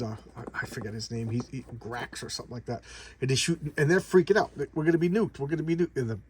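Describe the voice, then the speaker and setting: A man's voice: mid-range voice, slightly rough. A man casually recapping a comic book's plot in a rambling, enthusiastic way, often repeating words and using lots of fillers. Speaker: comic book reviewer. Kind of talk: casual chat.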